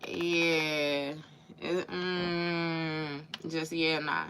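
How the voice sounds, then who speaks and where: Bright-voiced woman doing a casual tarot live. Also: low voice, level tone, extremely slow, slight background noise. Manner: casual, emphatic, swears freely, recites lyrics in rhythm. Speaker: tarot reader. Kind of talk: live tarot reading with recited song lyrics.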